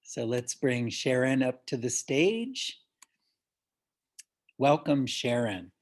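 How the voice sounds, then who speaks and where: A man's voice: mid-range voice, big pitch swings, slow pace. A man hosting an online story swap, praising the last teller and introducing the next. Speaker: host.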